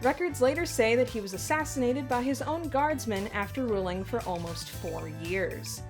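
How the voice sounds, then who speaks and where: A woman's voice: fairly high pitch, expressive, normal speed. A woman narrating scripted fandom facts with dry, teasing banter. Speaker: co-host of fandom facts video. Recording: music bed behind voice.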